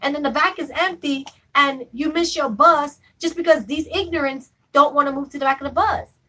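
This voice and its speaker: A woman's voice: sits high, pushed and bright, poor audio. A young adult woman chatting casually with viewers on a live stream, full of fillers and asides. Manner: chatty, fillers like "you know what I'm saying".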